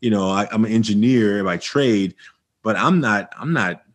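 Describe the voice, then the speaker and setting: A man's voice: on the low side, normal speed. A middle-aged man from Oakland, California, telling his life story as a podcast guest and acting out old conversations with energy. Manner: animated storyteller acting out past dialogue. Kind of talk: storytelling interview.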